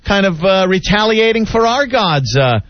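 A man co-hosting a radio talk show, sarcastic and mock-righteous, deliberately provoking in casual banter. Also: high voice, lively intonation, dry recording. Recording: dull lo-fi radio audio with faint music.

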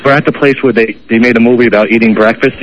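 A man's voice: medium pitch, steady tone, very fast, crowd noise. A man telling a story over a breaking-up phone line. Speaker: field reporter calling in.

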